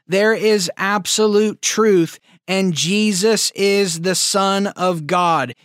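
A man preaching in a slow, deliberate cadence, pressing each phrase of scripture home. His voice sits high and comes across smooth and resonant. The recording is close and dry, with no room sound. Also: a bit bright, no echo. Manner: slow, emphatic scripture reading. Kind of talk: sermon.

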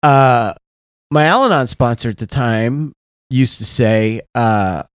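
A middle-aged man co-hosting a podcast, telling candid, profane stories in a casual, animated way. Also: medium pitch, slow, clean tone, dry recording, studio quality. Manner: blunt, profane, animated, frequent "right?". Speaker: podcast co-host.

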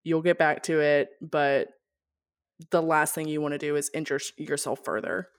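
A woman co-hosting a podcast, giving calm, practical advice in a casual chat. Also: deep voice, moderate pace, clean tone, dry recording, studio quality. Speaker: podcast co-host.

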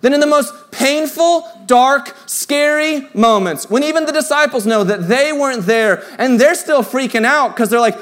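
A man with a notably high voice delivers a sermon to a church congregation. His preaching is conversational and personal. For the tender lines he sinks into a soft, hushed delivery. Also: animated, measured pace, hardly any pauses. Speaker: pastor.

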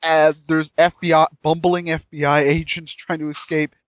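Excitable man rambling about a game. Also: fairly high pitch, moderate pace, no echo, muffled recording. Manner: enthusiastic, rambling, many restarts. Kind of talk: casual chat reviewing a game.

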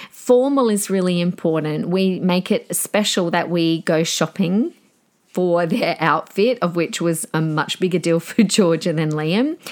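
A woman in her forties with an Australian accent, hosting a podcast in a chatty, earnest and rambling way. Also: on the low side. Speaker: podcast host. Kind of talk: casual solo podcast talk.

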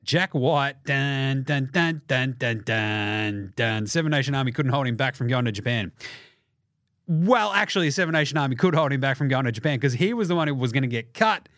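A young Australian man hosting a basketball podcast, talking casually with lots of swearing and jokes, often mimicking people in quick put-on voices. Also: medium pitch, lively intonation, a bit bright, dry recording, clean studio sound. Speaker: podcast host. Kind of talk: casual sports podcast monologue.

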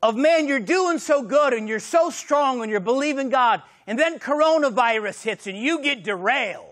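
A man preaching a sermon as pastor, swinging from shouted exclamations to hushed, intimate lines. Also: very high voice, expressive, normal speed.

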